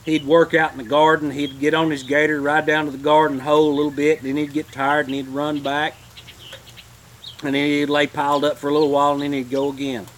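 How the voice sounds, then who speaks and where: A man's voice: fairly high pitch, little pitch movement, a little fast, a little hiss or hum. A man hosting a homesteading channel, telling rambling, heartfelt stories in a casual livestream.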